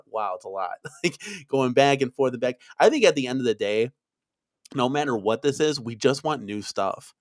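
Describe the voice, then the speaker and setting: A man from Wisconsin hosts a casual stream chat. He rambles excitedly, with plenty of "like" fillers, at a middling pitch. His voice is close and dry. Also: normal speed, dry recording. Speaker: podcast host.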